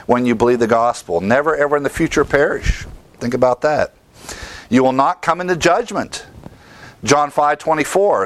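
A man's voice: medium pitch, fairly bright tone, no room sound. A man giving expository Bible teaching in a conversational way, repeating key words for emphasis and rattling off lists of verse references.

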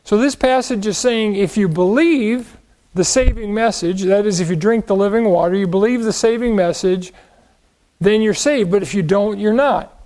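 A man's voice: high voice, normal speed, a little mellow, low-quality recording. A man teaching the Bible verse by verse, asking questions and answering them, leaning on key words.

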